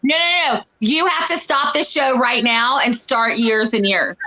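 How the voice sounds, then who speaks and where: A woman co-hosting a casual show chat, talking in a chatty, animated way and acting out quoted lines when she retells a story. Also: a little high, measured pace, rough recording. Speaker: co-host.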